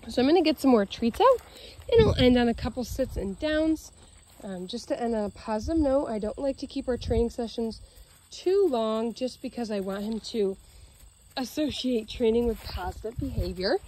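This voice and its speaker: Lady dog trainer outside, kinda high voice, bouncy sing-song praise, faint crickets. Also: lively intonation, moderate pace, darkish tone, slight background noise. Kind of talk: narrating a leash-training demo.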